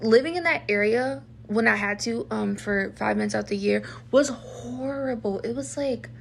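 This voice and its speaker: A woman's voice: fairly high pitch, normal speed, creaky, slight background noise. A woman hosting a podcast, venting frankly and emphatically while telling her own story. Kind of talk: candid personal storytelling.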